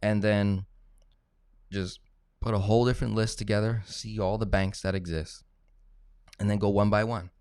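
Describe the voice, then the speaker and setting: Low-voiced man coaching on finance. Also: level tone, moderate pace, pauses often, darkish tone, clean tone, dry recording, clean studio sound. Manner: coaching, tag questions like "right?" and "okay?", acts out phone calls. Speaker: finance educator. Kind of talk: casual teaching talk.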